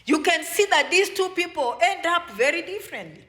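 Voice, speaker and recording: A woman delivers a motivational advice talk straight to camera. Her voice sits high and sounds bright and forward. She lectures her audience directly and keeps throwing rhetorical questions at them. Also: animated, normal speed. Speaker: advice vlogger for immigrants.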